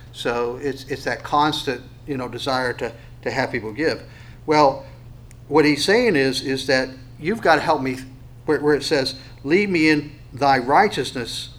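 A man preaching an expository sermon in a conversational way, with fillers, restarts and questions to his listeners, slowing down to read scripture aloud. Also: mid-range voice, a bit bright, rough recording. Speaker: pastor.

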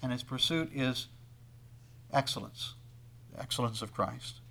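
A man preaching a sermon, swinging between loud emphatic lines and quiet asides, and acting out the voices of the people he quotes. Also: medium pitch, measured pace, creaky. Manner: acts out quoted speakers in conversational tones. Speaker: pastor.

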